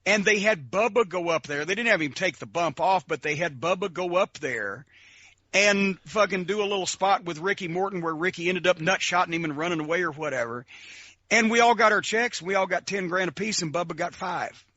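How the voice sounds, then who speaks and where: A man with a high, bright, sharp voice tells animated stories as a podcast guest, swearing freely, laughing and acting out the people he describes. The recording sounds dry and slightly muffled. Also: a little fast, no echo. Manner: profane, excitable, laughs often, imitates voices. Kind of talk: animated storytelling.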